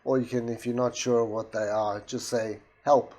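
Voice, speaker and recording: A man walking through a software demonstration in a steady explanatory way, with a soft voice that does not carry far. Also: medium pitch, normal speed. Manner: steady explanatory, with restarts and voice commands. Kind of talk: screen-recorded product demo.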